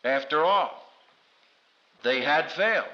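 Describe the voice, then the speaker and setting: A man's voice: expressive, takes it slowly. A man preaching a sermon with dramatic delivery and humorous asides, acting out quoted voices. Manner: dramatic, acts out quoted voices with big pitch swings. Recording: dull lo-fi recording.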